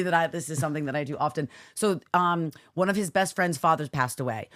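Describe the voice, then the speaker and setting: A woman co-hosting a podcast, chatting casually and telling a story in an animated way, jumping high when she acts out other people. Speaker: podcast co-host.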